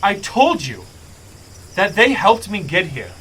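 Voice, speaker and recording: A man's voice: sits high, wildly swooping pitch, slow pace, sharp tone, husky, voice pushed up, heavily acted, poor audio. A man voicing a weary, desperate woman who leads a jungle encampment, pleading and apologetic with hesitant ums. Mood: pleading shout. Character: weary desperate female jungle camp leader.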